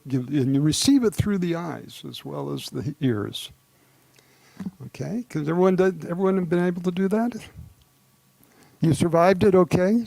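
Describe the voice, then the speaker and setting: A man leading a live congregation through a guided exercise, relaxed and chuckling, slowing down to speak each phrase deliberately. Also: high voice, creaky, dry recording. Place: gathering hall with a live audience.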